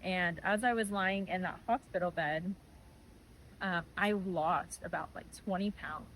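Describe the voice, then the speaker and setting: A woman's voice: fairly low pitch, a little slow, slight background noise, low-quality recording. Earnest young woman sharing testimony. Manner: earnest, animated retelling with voiced quotes. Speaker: guest giving testimony. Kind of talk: personal testimony, conversational.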